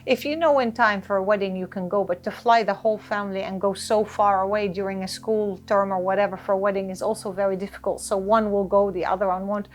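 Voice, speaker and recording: A woman's voice: medium pitch, quick pace, hardly any pauses, a little hiss or hum. A woman guest in an interview, talking earnestly about handling stress and acting out little scenes to make her point. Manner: earnest, animated, advice-giving with acted-out examples. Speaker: interview guest, life coach. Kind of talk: conversational interview.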